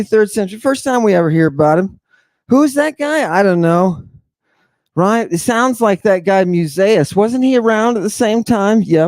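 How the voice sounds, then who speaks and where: A man giving a theatrical lecture on ancient texts, firing off rhetorical questions and dropping into hushed tones. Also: sits high, dry recording. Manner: dramatic, rhetorical questions, sudden hushed drops.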